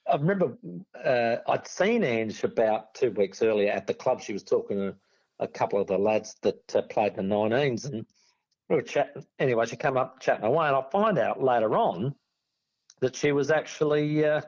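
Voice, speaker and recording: A middle-aged Australian man telling lively anecdotes as a podcast guest, slipping into loud voices for his friends. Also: medium pitch, moderate pace, highs cut off. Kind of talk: storytelling on a podcast.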